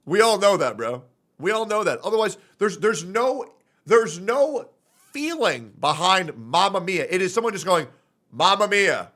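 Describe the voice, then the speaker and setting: A young man streaming his reactions, blunt and profane in his opinions. His voice is bright and forward, swinging widely in pitch as he rants. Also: big pitch swings, moderate pace. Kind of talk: casual reaction commentary.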